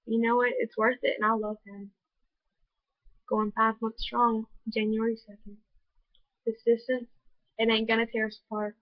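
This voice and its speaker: A woman's voice: on the high side, dry recording. A teenage girl telling a personal story in a vlog, earnest and gushing, with many "like" fillers. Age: teens. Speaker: vlogger. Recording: dull lo-fi home video audio.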